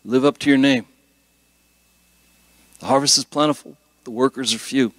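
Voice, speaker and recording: Middle-aged male guest pastor, animated conversational preaching, dry close sound. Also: mid-range voice, moderate pace, no room sound. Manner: animated, conversational preaching with jokes and rising emphasis. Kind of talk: sermon.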